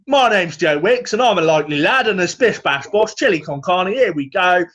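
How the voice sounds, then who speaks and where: A man's voice: high-pitched, animated, moderate pace, fairly bright tone, pitched above the performer's own voice. A man doing a cheeky Cockney fitness coach. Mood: cheeky upbeat. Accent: Cockney, as put on. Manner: bouncy catchphrase patter, pushy salesman cadence. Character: cheeky chirpy young male fitness coach hawking recipes.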